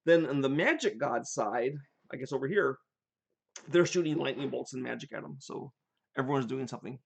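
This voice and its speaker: An older man hosting a casual live chat, telling animated stories from his gaming sessions. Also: medium pitch, fairly quick, creaky, breathy edge. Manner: animated storyteller, rambling with restarts.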